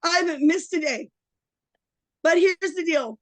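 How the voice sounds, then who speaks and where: A woman's voice: extremely high pitch, a little slow, a bit bright, no echo, low-quality recording. A middle-aged woman coaching on a webinar, giving an impassioned, emotional pep talk with a voice worn from daily streaming. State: losing her voice. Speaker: online business coach.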